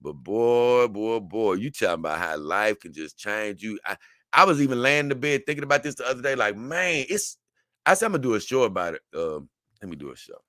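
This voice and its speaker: A man hosting a casual talk show, his voice bright and forceful as it swings up and down in lively pitch. He rambles and often stumbles over repeated words, and the sound is close and dry with no room echo. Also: quick pace. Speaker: show host. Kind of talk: casual talk show, reading viewer comments.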